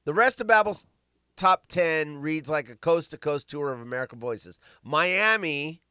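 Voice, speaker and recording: A man's voice: a little high, expressive, a little slow, pushed and bright, clean tone, no room sound. A man hosting a casual chat show, reading news stories aloud with rambling jokes and stumbles. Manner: rambling, joking, stumbling over words while reading. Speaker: show host.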